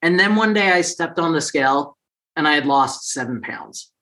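Bright-voiced man telling a story. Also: fairly high pitch, expressive, normal speed. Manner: acts out quoted people with raised, funny voices. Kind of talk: casual personal storytelling.

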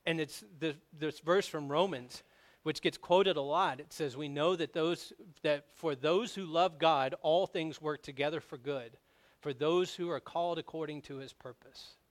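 A man delivers a sermon from the pulpit, his voice sitting a touch higher than most men's. He tells personal stories with animated energy, pushing louder and higher when he drives a point home. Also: moderate pace. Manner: storytelling, animated, grows loud on emphasis. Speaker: pastor.

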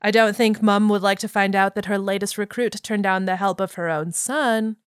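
A man's voice: high-pitched, fairly even intonation, normal speed, clear, resonant tone, no echo, clean studio sound, lightly acted. Woman reading as a sarcastic punk boy. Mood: smug. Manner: sarcastic, condescending. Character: sarcastic rude young male punk fanfic heartthrob.

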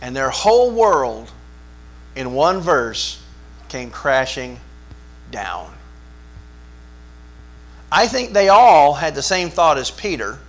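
A man delivers a sermon in a somewhat high voice, chatting with his congregation and putting questions to them. He swings from quiet, low asides to loud, forceful peaks of emphasis. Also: very animated, slow, long pauses. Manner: conversational, asks the congregation questions. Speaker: pastor.

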